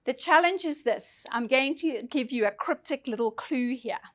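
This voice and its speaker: Woman, leadership trainer; slightly high pitch, emphatic, direct questions to the room. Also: expressive, moderate pace, fairly bright tone. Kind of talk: instructional presentation.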